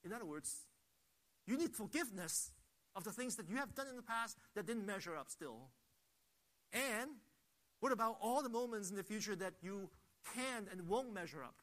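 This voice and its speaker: A man's voice: high voice, animated, normal speed, fairly bright tone. A man preaching a sermon, emphatic, asking rhetorical questions and repeating phrases as he builds his points. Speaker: pastor.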